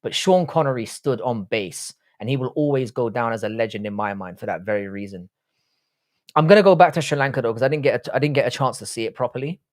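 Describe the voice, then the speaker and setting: A man's voice: medium pitch, fast talker. A young Irish man hosting a casual livestream, reading chat aloud and answering with blunt, profane banter. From Republic of Ireland.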